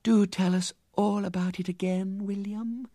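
A man voicing a tearful, lovestruck little girl with a high, wailing voice. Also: moderate pace, creaky, a little mellow, no echo, clean studio sound. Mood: adoring.

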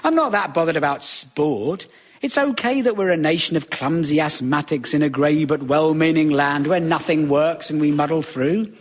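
A man's voice: fairly high pitch, slightly rough. A wry British man doing a sardonic stand-up comedy monologue in a conversational manner. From Britain.

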